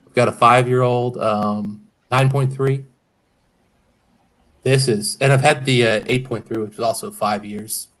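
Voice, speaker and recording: A man's voice: mid-range voice, fairly even intonation, unhurried, fairly bright tone. A man hosting a casual whiskey-tasting livestream, rambling and hedging with frequent self-corrections. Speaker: host of a whiskey review stream.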